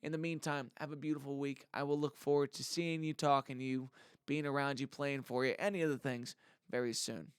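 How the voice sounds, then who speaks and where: A man's voice: mid-range voice, steady tone, brisk, clean tone, no room sound. Musician guy rambling to camera, sincere but joking around, dry close sound. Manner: rambling, heartfelt and jokey. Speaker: musician vlogger. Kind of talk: casual monologue to camera.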